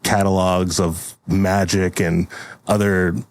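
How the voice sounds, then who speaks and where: A man's voice: deep voice, flat delivery, takes it slowly. A man hosting a comedy podcast, casually brainstorming and leading an improvised story with lots of fillers. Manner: laid-back, leads the scene, many fillers. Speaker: podcast host.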